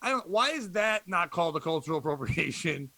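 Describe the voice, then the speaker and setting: Male comedy cohost, high voice, dry close sound, rambling banter. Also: big pitch swings, a little fast, creaky, bright, forceful tone, no room sound. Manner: rambling, joking. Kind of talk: casual comedy podcast chat.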